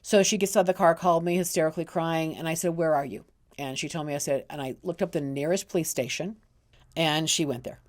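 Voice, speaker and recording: A woman's voice: low-pitched, fairly even intonation, fast. A middle-aged woman, an intuitive counselor, telling a personal story in a casual, earnest way, often restarting and repeating words.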